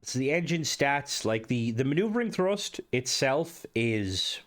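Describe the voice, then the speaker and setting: A man's voice: medium pitch, sing-song, unhurried. A man with a nasal, stuffy voice from hay fever, thinking aloud as he comments on a game. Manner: rambling, thinking aloud with restarts. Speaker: gaming video host. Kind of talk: casual gameplay commentary.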